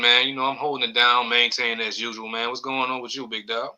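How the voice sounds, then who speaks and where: New man, podcast host, loose rambling chat, very bright tone. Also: medium pitch, flat delivery, fast, rough recording. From New Orleans area. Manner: loose, rambling, reads chat comments aloud. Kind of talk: casual live-stream sports chat.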